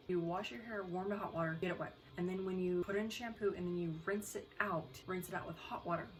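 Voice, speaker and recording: Profane, rambling young woman vlogger. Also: medium pitch. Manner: chatty, profane, goes off on tangents. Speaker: beauty vlogger host. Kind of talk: casual chat. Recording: mic a bit far off, faint noise.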